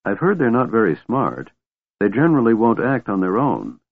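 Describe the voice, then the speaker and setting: A man voicing a frightened but fierce young elf woman who speaks in a tense, hushed way. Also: lowish voice, huge pitch swings, normal speed, husky, dry recording, exaggerated voice. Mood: anxious. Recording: tinny, dry, phone-like sound.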